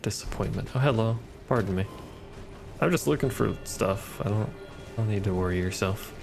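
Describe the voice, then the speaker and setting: A man talks his way through a game in a low, gravelly voice with a dry, sarcastic edge. He mutters to himself and swears at the game as he goes. Game music plays clearly behind him. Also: moderate pace. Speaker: gaming streamer. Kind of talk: casual gameplay commentary.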